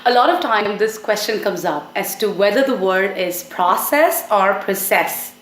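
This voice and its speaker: A woman giving a short English pronunciation lesson, explaining clearly and slowing down on example words. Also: mid-range voice. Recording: echoey room.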